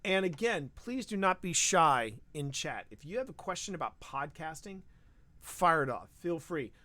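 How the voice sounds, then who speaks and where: Brief: male podcast co-host, casual live-stream chat, excitable and rambling, dry studio sound. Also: fairly high pitch, moderate pace, dry recording. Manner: animated, rambling, frequent restarts.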